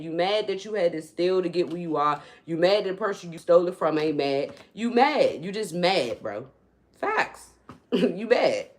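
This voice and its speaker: A woman spiritual reader ranting on her livestream, blunt and profane, swinging from low muttering to loud, high-pitched outbursts. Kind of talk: unscripted livestream rant.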